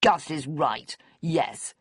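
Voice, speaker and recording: A grieving, resentful man, blunt and snappish, as a woman reader plays him. The voice sits fairly low with a husky, breathy texture. The storybook recording is close and dry. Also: lively intonation, quick pace, dry recording. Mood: angry. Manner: curt, bitter and snappish.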